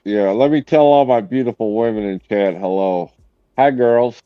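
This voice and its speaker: A man's voice: on the low side, moderate pace, smooth, no echo, lo-fi sound. A man from Tennessee calling into a livestream, making dry, joking remarks. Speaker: call-in guest. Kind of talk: casual livestream chat.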